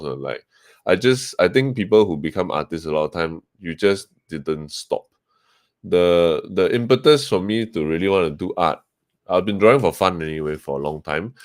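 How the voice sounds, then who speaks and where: A low-pitched man with a Singaporean English accent, recorded in a clean studio with no room sound, appears as a podcast guest. The webcomic co-founder talks casually in an interview, rambling with many fillers and restarts.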